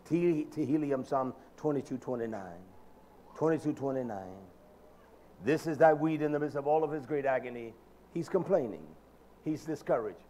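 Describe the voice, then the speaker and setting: In a colloquial, dramatic style, a man preaches a sermon, moving from quiet murmurs to shouted lines and back.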